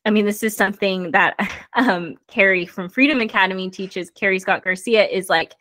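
A woman's voice: mid-range voice, moderate pace, a bit bright, dry recording. A young woman co-hosting a podcast, talking casually with many fillers and laughing along. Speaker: podcast co-host. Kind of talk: casual chat.

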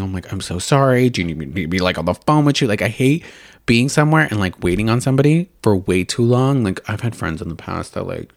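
A man's voice: fairly low pitch, vocal fry, no room sound, studio quality. A young man hosting a makeup show, ranting casually in a rambling, profane way full of "like" fillers. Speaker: makeup video and podcast host.

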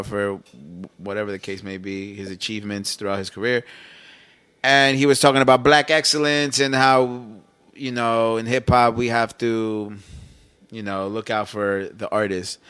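A man's voice: medium pitch, steady tone, a little slow, a bit bright, clean tone. A young man, co-hosting a casual podcast chat in laid-back slang, laughing often. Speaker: podcast co-host.

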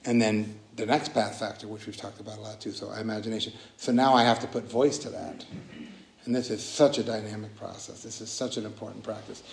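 A man's voice: fairly low pitch, fairly even intonation, brisk, vocal fry. A man leading a casual, earnest dharma talk as a meditation teacher, often restarting his sentences. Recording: roomy echoing hall.

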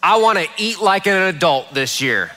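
A man preaching a sermon, telling a funny family story with lively comic timing. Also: high-pitched, moderate pace, big-room sound, a little hiss or hum. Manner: humorous, animated storyteller. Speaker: pastor.

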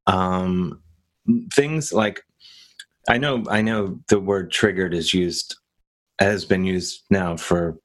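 A man's voice: low voice, fairly bright tone. A man hosting a podcast, telling rambling stories in casual chat and acting out the quotes. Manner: rambling storytelling with acted-out quotes. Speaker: podcast host.

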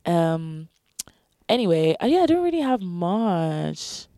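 A woman co-hosting a podcast in casual chat, laid-back and often trailing off into quiet mumbles. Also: on the low side, sing-song, takes it slowly, dry recording. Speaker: podcast co-host.

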